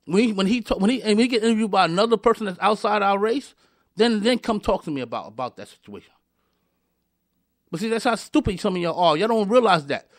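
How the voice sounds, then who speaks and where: Male host, heated commentary rant, high pitch, dry mic, repetitive and confrontational. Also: expressive, fast, no echo. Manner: angry, repetitive, stumbling restarts, addresses listeners directly. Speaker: show host.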